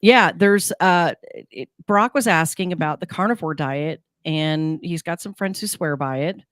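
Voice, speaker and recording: Chatty woman radio host, low voice. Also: unhurried, no room sound, clean studio sound. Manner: chatty, rambling with fillers and restarts. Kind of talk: casual morning radio chat.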